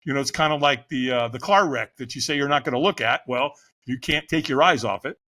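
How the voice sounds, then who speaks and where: A man's voice: medium pitch, fairly quick, pushed and bright. A middle-aged man, a fire captain, telling a vivid personal story as a podcast guest, acting out quotes and laughing often.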